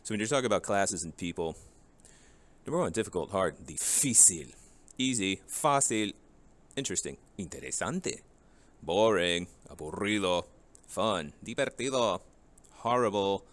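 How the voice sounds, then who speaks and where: A man's voice: low-pitched, lively intonation, moderate pace, a bit bright. A man teaching a Spanish vocabulary lesson, reading each English word and then its Spanish match, and asking the class rhetorical questions.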